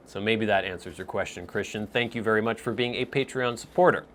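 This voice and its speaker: Low-voiced man musing through viewer questions. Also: a little fast, a bit bright, a little hiss or hum. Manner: thoughtful, searches for words, with small restarts. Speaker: host answering viewer questions. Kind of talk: casual Q&A vlog.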